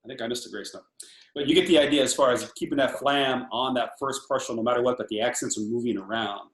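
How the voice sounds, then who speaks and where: A man's voice: mid-range voice, fast, roomy sound, slight background noise. Older man teaching drum rudiments. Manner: animated, talks through patterns while counting off. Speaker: drum instructor. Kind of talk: casual drum lesson over video call.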